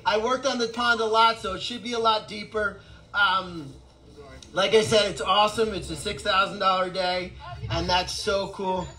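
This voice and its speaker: Excitable high-voiced man. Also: moderate pace, rough recording. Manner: excitable, laughing, rambling. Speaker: animal sanctuary founder. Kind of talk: casual fundraising vlog chat.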